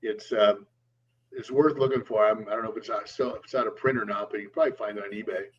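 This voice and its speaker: A man's voice: fairly low pitch, fairly even intonation, quick pace. A man co-hosting a podcast in casual chat, rambling with many ums and uhs. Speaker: podcast co-host. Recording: lo-fi, distant mic with faint hum.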